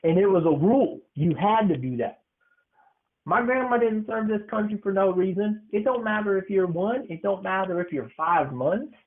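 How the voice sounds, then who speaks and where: A man's voice: high voice, expressive, moderate pace. Rambling male storyteller on a tinny line. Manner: meandering, full of fillers and restarts. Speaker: podcast host. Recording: tinny phone-like sound.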